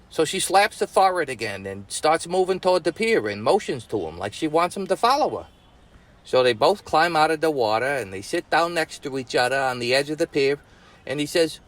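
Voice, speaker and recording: A man with a Brooklyn accent telling a story to his nephew, folksy, with rough grammar and chuckling asides. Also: fairly high pitch, sing-song, a little fast, fairly bright tone. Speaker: storyteller uncle. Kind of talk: bedtime-style storytelling.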